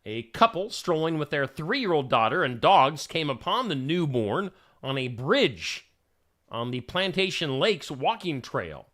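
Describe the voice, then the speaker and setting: Chatty male radio host, lively and bright. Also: a little high, a little slow. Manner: chatty, joking asides between stories. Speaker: radio morning show host. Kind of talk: casual news reading with asides.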